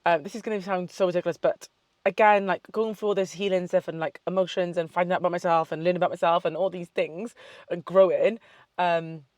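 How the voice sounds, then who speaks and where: A woman's voice: fairly low pitch, fairly even intonation, quick pace, a little mellow, dry recording, dull audio. A young woman talks straight to camera in a loose, chatty vlog style. She swears freely and drifts into tangents. The sound is dry and close. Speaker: vlogger. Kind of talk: casual chat.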